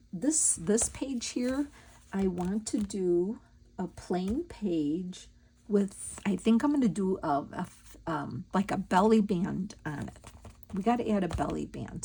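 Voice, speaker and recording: A woman's voice: mid-range voice, vocal fry, warm tone, slight background noise. A woman hosting a crafting video, chatting casually and telling stories while she works. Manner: chatty, storytelling, thinks aloud while working. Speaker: crafting channel host.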